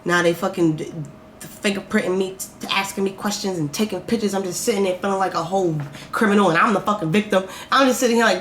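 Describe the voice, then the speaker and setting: A woman tells a personal storytime in a vlog, cursing freely and shifting between loud outbursts and low, slow reflection. Her voice sits in an echoey room. A faint background hiss runs underneath. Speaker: vlogger. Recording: roomy echo, faint background noise.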